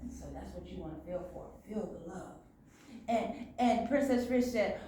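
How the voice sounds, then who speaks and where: A woman storyteller telling a folk tale live to a child, animated and playful. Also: medium pitch, normal speed. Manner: animated, playful, often laughing. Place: very echoey room. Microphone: far from the speaker. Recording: very echoey room, mic far off, faint noise.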